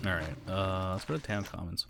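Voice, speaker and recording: A man's voice: low-pitched, fairly quick, creaky, fairly bright tone, slight background noise. A man streaming a story game, thinking aloud and chuckling, with frequent casual swearing. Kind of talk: casual gameplay commentary.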